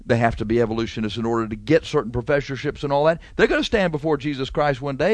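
A man delivers a fervent radio sermon in a middle-range voice. He hammers points through repetition and lets his voice surge high and loud. The sound is dry and close. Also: quick pace, few pauses, no echo. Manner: fervent, repetitive preaching with sudden rises in pitch and volume. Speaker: radio preacher.

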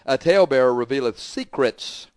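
A man's voice: mid-range voice, lively intonation, normal speed, a little mellow, smooth, no room sound, studio quality. A man preaching a sermon, hammering the congregation with confrontational rhetorical questions.

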